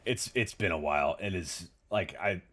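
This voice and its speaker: A man's voice: low voice, normal speed, a bit bright. A man hosting a casual livestream chat, telling rambling stories with casual swearing and answering viewer comments. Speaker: podcast host.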